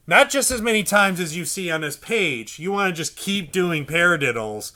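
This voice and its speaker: A high, animated male voice explains a drum pattern at normal speed with few pauses, against a very noisy background. Despite the energy, he's patient, sounding out drum syllables and often checking "okay?" as he teaches.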